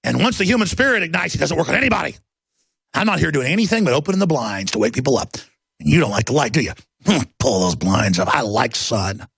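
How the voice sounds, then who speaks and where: A male talk show host delivering a loud, fervent, mocking rant. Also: mid-range voice, very animated, fast talker, vocal fry, husky, no room sound, studio quality. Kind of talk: ranting monologue.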